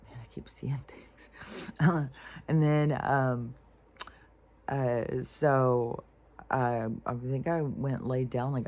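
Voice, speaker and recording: A woman with a rumbling low, dark-toned voice vlogs about her day as a spiritual vlogger. Irritated and frustrated, she rambles through a casual venting monologue, swearing freely and using lots of fillers.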